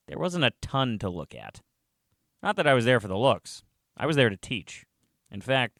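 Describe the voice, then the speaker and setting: Male narrator, low-ish, resonant, wry and conversational delivery. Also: fairly bright tone, clear, resonant tone, no echo, studio quality. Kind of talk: scripted first-person story narration.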